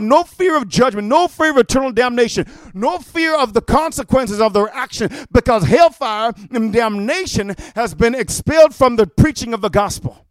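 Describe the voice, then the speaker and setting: A man preaching a fiery sermon, often shouting and calling "amen?" to his listeners. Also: extremely high pitch, smooth, no room sound.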